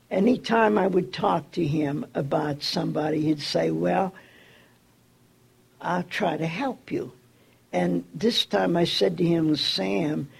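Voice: gravelly, slightly rough. An older person telling a personal story, acting out the people in it with raised voices. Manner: acts out quoted dialogue with raised pitch. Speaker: storyteller recalling community work.

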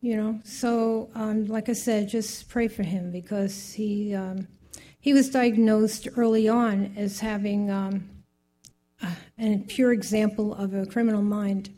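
A woman's voice: medium pitch, steady tone, unhurried, warm tone. An older woman giving a heartfelt personal faith testimony, rambling through her story with many asides.

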